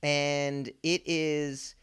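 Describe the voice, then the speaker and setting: Male podcast host, casual chat, slightly higher voice, clean and resonant, rambling delivery. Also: level tone, drawn-out words, a bit bright, smooth. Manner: rambling, laughs often, many fillers and restarts. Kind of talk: casual pop culture chat.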